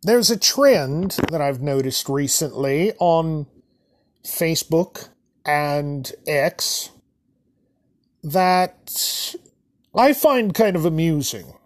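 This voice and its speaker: Male podcast host, comic storyteller, expressive pitch, slow pace. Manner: animated, self-deprecating, drawn-out delivery. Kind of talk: comedic storytelling.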